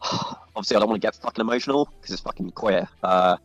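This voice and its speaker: A man's voice: on the low side, fast talker, dry recording, soft background music. A man on a voice call apologizing, hesitant and sighing, swearing now and then. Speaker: voice call participant.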